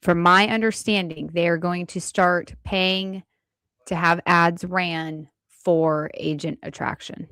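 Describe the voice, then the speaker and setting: A woman co-hosting a casual podcast, explaining details in a steady, clarifying way. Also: on the low side, slow, clean tone, no room sound, clean studio sound. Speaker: podcast co-host.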